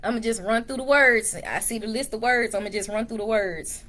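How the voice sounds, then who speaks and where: A woman's voice: a little high, brisk, a bit bright. A woman from Dallas with a Texas accent, chatting laid-back in a casual vlog, recorded on a phone camera in a dim room at home. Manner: laid-back, chatty, addresses viewers as y'all. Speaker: vlogger. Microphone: phone camera on a tripod.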